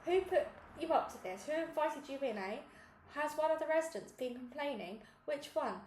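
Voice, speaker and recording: A woman's voice: high-pitched, lively intonation, moderate pace, roomy sound, slight background noise. Woman doing an angry ranting hotel manager. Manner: shouting, accusing, bullying.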